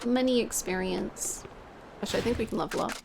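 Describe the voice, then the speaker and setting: A woman's voice: mid-range voice, a little fast, vocal fry, noisy background. A young woman live streaming a video game, chatting casually with her viewers, laughing often and swearing freely. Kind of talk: casual gaming stream chat.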